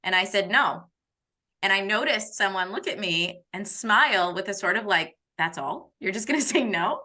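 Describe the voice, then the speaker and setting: A woman in her thirties hosting a casual conversation, an animated storyteller who laughs and acts out dialogue. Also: medium pitch, normal speed. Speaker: host.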